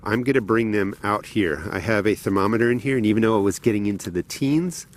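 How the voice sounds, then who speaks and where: Middle-aged jersey accent guy, lowish voice, rambling gardening vlog, walking around outside in the cold. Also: fast talker, a little hiss or hum. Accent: New Jersey. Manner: chatty, rambling, laughs at himself. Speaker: gardening channel host. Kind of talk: casual walk-and-talk gardening vlog. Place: indoor grow room then outdoors in cold garden.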